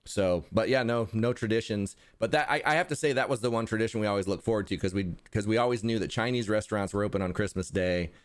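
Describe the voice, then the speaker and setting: A man, a guest in a casual interview, talking in a rambling way with halting restarts and dry humor. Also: lowish voice. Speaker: interview guest, content creator. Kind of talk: casual conversation.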